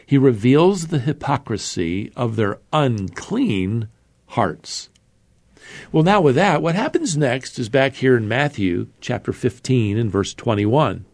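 Gravelly-voiced male Bible teacher. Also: mid-range voice, very animated, slow pace, darkish tone. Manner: conversational, explanatory, with fillers and restarts.

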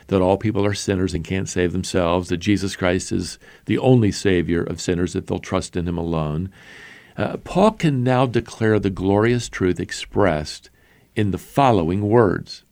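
Gravelly-voiced pastor preaching emphatically. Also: male voice, sits low, darkish tone, no echo. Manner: emphatic, stresses single words with slow deliberate pauses. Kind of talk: sermon.

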